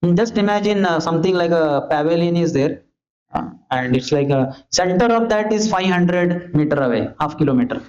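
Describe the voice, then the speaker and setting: A man giving a scripture lecture, animated, asking rhetorical questions and acting out calls and pleas. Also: on the high side, brisk. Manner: animated, rhetorical questions, acts out shouting and pleading. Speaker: preacher giving a scripture class. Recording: dull lo-fi lecture recording.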